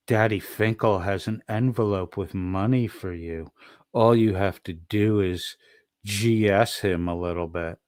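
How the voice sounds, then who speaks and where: A man's voice: lowish voice, no echo, studio quality. A man streaming profane, mocking commentary, swearing constantly and throwing insults at someone in a clip.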